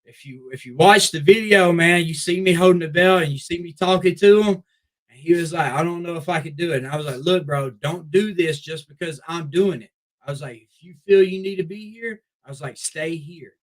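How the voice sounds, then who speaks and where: A young man, a wrestler, telling a long story in a casual, profane, animated way with many restarts. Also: on the high side, normal speed, poor audio. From Memphis Mid-South area. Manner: profane, animated, repeats "I was like". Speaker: wrestler guest.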